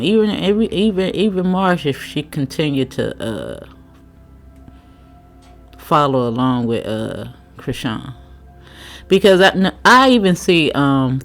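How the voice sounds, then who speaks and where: A woman giving a casual, frank tarot reading commentary, chatting, swearing freely and laughing often. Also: very deep voice. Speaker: tarot reader.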